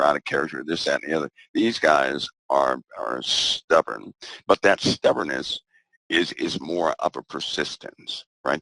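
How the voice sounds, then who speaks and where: A man speaking as a guest in a casual conversation, measured and repeating phrases for emphasis. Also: very deep voice, gravelly, fairly bright tone, dry recording.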